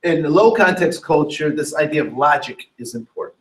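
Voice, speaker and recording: A man with a fairly high voice teaches a workshop, lively and animated, drawing the audience in with questions. He is picked up from across an echoing room. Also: brisk. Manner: animated, asks the room questions, acts out quotes. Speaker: diversity trainer. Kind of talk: workshop lecture. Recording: echoey room, from a distance.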